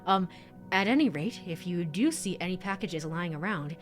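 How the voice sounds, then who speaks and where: A woman voicing a gentle, polite male tea shop keeper from a game, speaking formally and soothingly. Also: on the low side, animated, normal speed, faint music behind, natural voice. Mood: explaining. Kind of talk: reading game dialogue aloud.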